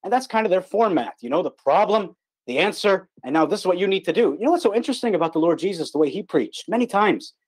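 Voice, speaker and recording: A man's voice: sits high, lively intonation, quick pace, slightly rough. A man preaching an online gospel sermon in an earnest, emphatic way, repeating his key words for stress. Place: online call.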